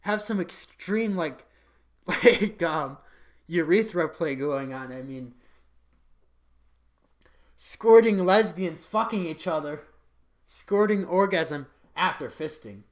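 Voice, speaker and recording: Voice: medium pitch, lively intonation, slow, pauses often. An adult reading a list of titles aloud for comic effect, in a mock-serious voice that keeps breaking into laughter, sometimes switching to an announcer voice. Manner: occasional announcer voice.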